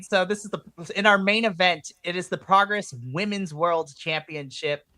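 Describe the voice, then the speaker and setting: An excitable woman co-hosting a podcast, chatting through a wrestling recap in a bright, forceful voice. She swings into loud, animated retellings, recorded close and dry with no room sound. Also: fairly low pitch, normal speed, no room sound. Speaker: podcast co-host. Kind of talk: casual wrestling recap chat.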